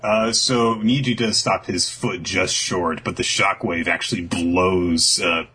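Deep, raspy-voiced man recapping a story. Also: fairly even intonation, slow, sharp tone. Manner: rambling, profane, acts out the figures' lines. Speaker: podcast host. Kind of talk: casual comic recap.

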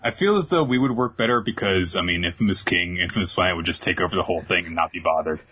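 A man's voice: deep voice, fast talker, sharp tone. A man co-hosting a podcast, reading out listener questions and joking along in casual chat. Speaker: podcast co-host.

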